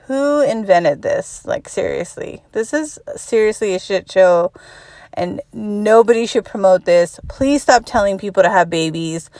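A woman's voice: darkish tone, dry recording. A woman in her thirties delivering a profane, exasperated comedic rant about parenting. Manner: exasperated, swears constantly, mimics others in high voices.

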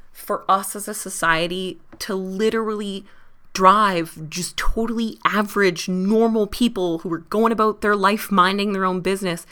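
A woman's voice: fairly low pitch, a little slow, sharp tone. A woman from southwestern Ontario hosting a podcast, ranting passionately and chattily with plenty of fillers. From southwestern Ontario, Canada. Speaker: podcast host. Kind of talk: casual ranting podcast monologue.

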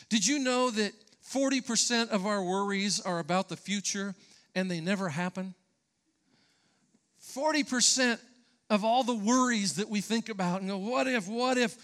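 A man's voice: sits high, fairly bright tone. A pastor preaching a sermon to his congregation, emphatic and conversational, often repeating words and asking the listeners questions.

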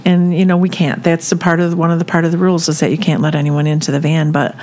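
A woman who volunteers with a ministry, telling a story in a halting way, with many fillers and restarts. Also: low voice, level tone, a little mellow. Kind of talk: casual storytelling chat.

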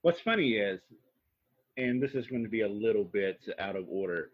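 Man, podcast co-host, husky and a bit dull on a lo-fi recording, casual profane recap. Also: lowish voice, animated, moderate pace. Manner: profane, acts out quotes in funny voices. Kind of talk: casual reality-TV recap chat.

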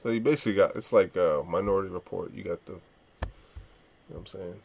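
Man, podcast host, gravelly, lowish voice, slangy casual commentary. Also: fast talker, a little mellow. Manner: laid-back, swearing, slangy, laughing asides.

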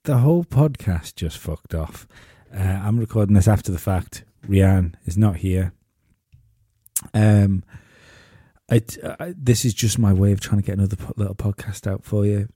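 A man's voice: fairly low pitch, moderate pace, dark tone, breathy edge, no room sound, clean studio sound. A man hosting a podcast, telling stories in a rambling way with many restarts. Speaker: podcast host. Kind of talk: casual podcast chat.

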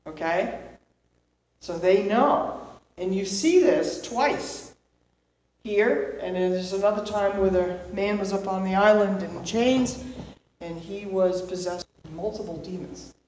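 A woman's voice: mid-range voice, slow, a little mellow, slight background noise. A woman leading an informal Bible study, talking conversationally and checking in with her listeners with a frequent "okay?". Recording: very echoey room, voice far from mic.

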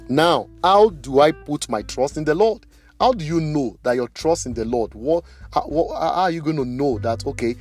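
A man preaching a sermon, emphatic, slowing down to stress key phrases. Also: medium pitch, a little mellow.

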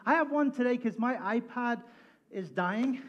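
A man's voice: very high voice, expressive, measured pace, muffled recording. A man opening a sermon as a pastor in front of a church congregation, chatty and playful with lots of energy. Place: church hall.

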